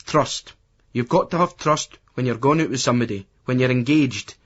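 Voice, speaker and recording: A man's voice: mid-range voice, normal speed, dull audio, close to an everyday voice. A man doing a brash, cocky Scottish lad. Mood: ranting. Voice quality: ranting, swaggering.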